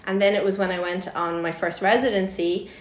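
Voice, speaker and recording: A woman with an Irish accent, a printmaker and tutor chatting casually as a podcast guest, animated and jumping into higher voices for quotes. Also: a little fast. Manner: animated storyteller, jumps to high voices for quotes. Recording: echoey room.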